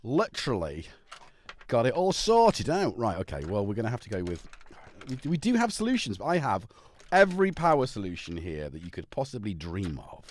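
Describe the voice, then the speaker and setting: A man's voice: on the low side, brisk. A man hosting a casual live stream about synths, rambling and breaking off mid-thought. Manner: rambling, self-interrupting, animated.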